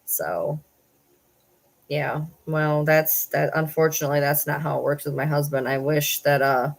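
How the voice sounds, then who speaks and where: Low-voiced woman chatting casually to camera. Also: fairly even intonation, a little slow, creaky, rough recording. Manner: chatty, baby-talks to her dogs. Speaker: vlogger. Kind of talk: casual livestream chat.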